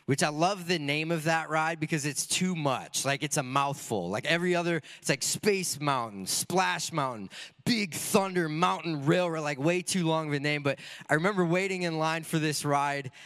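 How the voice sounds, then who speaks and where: A man's voice: a little high, normal speed, a bit bright. A man preaching a sermon in a casual, joking way, often asking rhetorical questions. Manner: casual, conversational.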